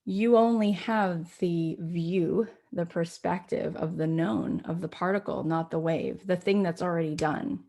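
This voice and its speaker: A woman host in her forties giving a spiritual talk, telling a story with lively dialogue and then reflecting in a teaching tone. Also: unhurried, creaky, hardly any pauses. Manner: animated storyteller, acts out quoted dialogue with rising pitch.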